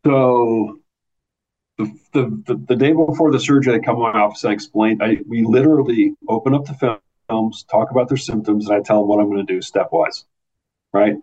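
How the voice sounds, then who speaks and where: Low-voiced American neurosurgeon, muffled audio. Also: male voice, steady tone, brisk, dark tone, husky. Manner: earnest, restarts often, explains stepwise. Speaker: neurosurgeon guest. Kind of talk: conversational interview.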